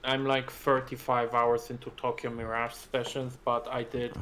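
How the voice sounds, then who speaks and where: A man's voice: mid-range voice, monotone, normal speed, fairly bright tone. A man chatting casually over a game stream, swearing and rambling with restarts. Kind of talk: casual gaming chat. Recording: faint background hiss.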